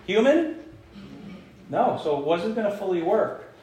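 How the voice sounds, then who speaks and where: A high-pitched man preaches a sermon, drawing his congregation in with questions. His voice rings through an echoey church sanctuary. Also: very animated, measured pace, long pauses, dark tone. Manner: engaging, asks the congregation questions. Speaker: pastor. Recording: echoey room.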